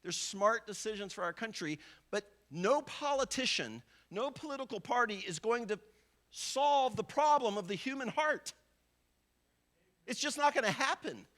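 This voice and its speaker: A man's voice: very high voice, lively intonation, normal speed, fairly bright tone. A man preaching a sermon as a visiting pastor, talking in a conversational way and acting out the thoughts of everyday people. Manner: conversational preaching, acts out everyday inner voices.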